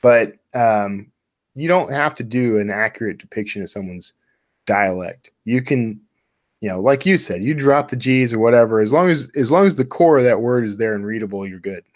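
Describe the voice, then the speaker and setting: A man, an author guest, explaining his writing methods in a relaxed casual chat with lots of fillers. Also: mid-range voice, normal speed, no room sound, clean studio sound.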